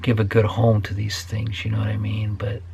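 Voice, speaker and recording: A man's voice: lowish voice, monotone, moderate pace, gravelly, a little mellow, a little hiss or hum. An older man who builds guitars, ranting profanely to his viewers and sometimes dropping into a whisper. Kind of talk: ranting vlog to camera.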